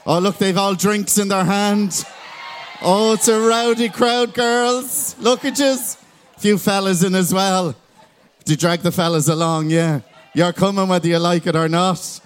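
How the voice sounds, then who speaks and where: Irish male emcee, high voice, playful crowd banter on a stage mic. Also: steady tone, measured pace, smooth. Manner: chatty, teasing banter with the crowd. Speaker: master of ceremonies. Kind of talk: live stage introduction to an audience. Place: large concert venue, crowd present.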